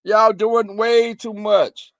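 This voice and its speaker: A man telling crude stories in a casual rant to his viewers, profane and animated, acting out quarrels in a shrill voice. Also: slow, no room sound, dull audio.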